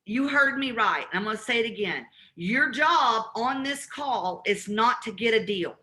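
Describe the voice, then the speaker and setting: A woman with a Southern accent running a live real estate training call, acting out both sides of cold calls in an animated way. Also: fairly high pitch, moderate pace.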